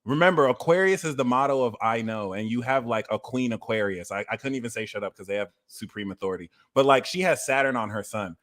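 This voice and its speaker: Bright-voiced man ranting about astrology. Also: mid-range voice, fast, few pauses. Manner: animated, profane, shouts and mimics others. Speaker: astrology reader. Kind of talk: casual livestream rant.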